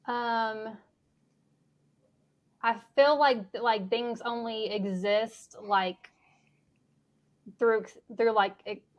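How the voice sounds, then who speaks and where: A woman's voice: fairly high pitch, steady tone, extremely slow, long pauses, lo-fi sound. A woman talking about her inner life in a casual interview, hesitant and often laughing as she searches for words. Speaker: guest. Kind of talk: casual conversation.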